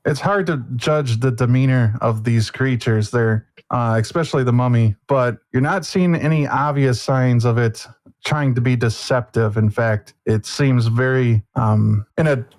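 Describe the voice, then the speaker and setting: A man's voice: mid-range voice, unhurried, darkish tone. Rambling male game master. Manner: loose, rambling, with many fillers. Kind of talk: narrating a tabletop game.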